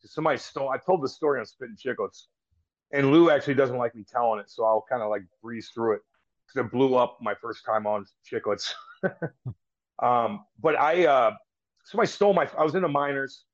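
A former pro hockey player from St. Louis, US, guests on a podcast and rambles through a casual story, swearing plenty and restarting sentences. His voice is medium-pitched and a little fast. The audio is slightly dull and lo-fi.

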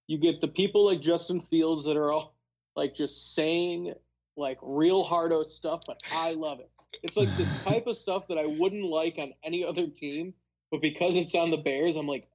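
A man's voice: fairly high pitch, moderate pace, darkish tone, dull audio. A young man chatting casually about football as a podcast co-host, rambling with lots of fillers. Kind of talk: casual sports chat.

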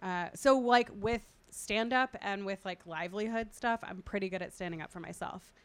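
A woman's voice: mid-range voice, normal speed, smooth. A female comedian guest on a podcast, chatting casually and acting out quotes in her stories, with lots of "like". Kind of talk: casual chat, storytelling.

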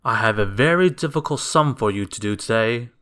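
A man's voice: on the low side, lively intonation, brisk, pushed and bright, clean tone. A man doing a formal, stern schoolteacher.

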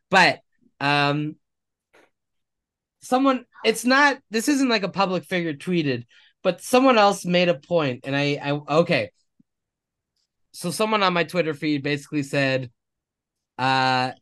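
A man's voice: fairly high pitch, lively intonation, a little slow, a bit bright. Jokey self-deprecating male podcast co-host. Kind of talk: casual chat.

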